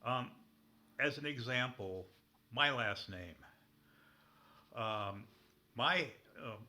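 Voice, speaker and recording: A man's voice: medium pitch, very slow, sharp tone. A man taking part in an online discussion, speaking casually in a rambling, anecdotal way. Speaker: participant. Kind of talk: casual chat.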